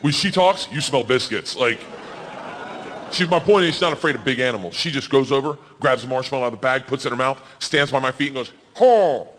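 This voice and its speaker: A man in his forties doing stand-up storytelling, loud and animated, yelling the quoted lines. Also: medium pitch, fast, big-room sound, a faint crowd, a little hiss or hum. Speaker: stand-up comedian. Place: comedy stage.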